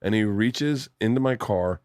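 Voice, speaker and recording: A man in his forties hosting a podcast in a home studio, telling animated stories and acting out the voices of the people in them. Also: fairly low pitch, unhurried, clear, resonant tone, no echo. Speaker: podcast host. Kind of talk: casual chat.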